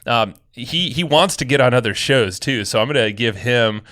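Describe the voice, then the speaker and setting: A man's voice: medium pitch, moderate pace. A man co-hosting a podcast in casual chat, joking and laughing often as he talks into a studio microphone in a small office studio. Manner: jokey and excitable, laughs often. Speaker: podcast co-host.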